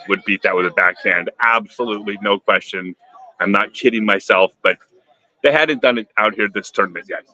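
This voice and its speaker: An older man, out of breath and excited, chatting casually with viewers on a live stream from a tournament vendor area. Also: lowish voice, dull audio. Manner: excited, chatty, reading viewer questions aloud. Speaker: disc golfer streaming live.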